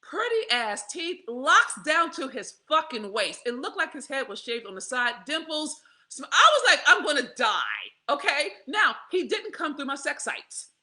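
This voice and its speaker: A woman, telling a candid personal story to her viewers in a profane, animated way, laughing often. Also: sits high, unhurried, hardly any pauses. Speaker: vlogger.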